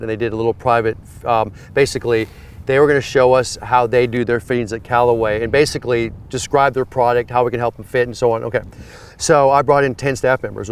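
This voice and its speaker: A man who fits and teaches golf clubs, telling a story in a lively, emphatic way. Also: medium pitch, clear, resonant tone. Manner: animated, rising to emphatic when excited. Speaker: golf club fitter and instructor. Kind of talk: conversational storytelling.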